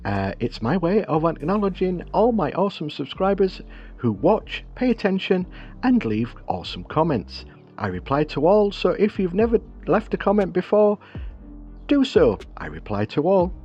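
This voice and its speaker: A man's voice: high voice, big pitch swings, normal speed, a little mellow, muffled recording, faint music behind. A British man narrating his own craft build as channel host, with wry, self-deprecating humor. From Britain.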